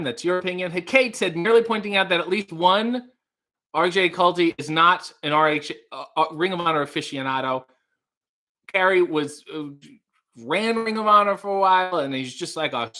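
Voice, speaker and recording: Guy hosting a livestream, bright kinda high voice, joking around with chat. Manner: playful, wordy, dry asides. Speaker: livestream host. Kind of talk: casual livestream chat reading viewer comments.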